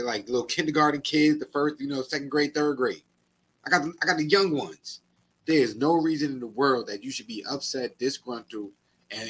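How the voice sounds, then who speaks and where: A man's voice: mid-range voice, fairly bright tone, husky. A man co-hosting a podcast, ranting in casual slangy chat. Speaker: podcast co-host.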